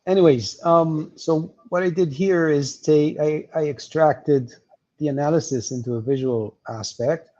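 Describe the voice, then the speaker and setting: A man walking through market levels on a livestream, explaining with many pauses and fillers. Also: a little high, warm tone, muffled recording. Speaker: market analyst guest.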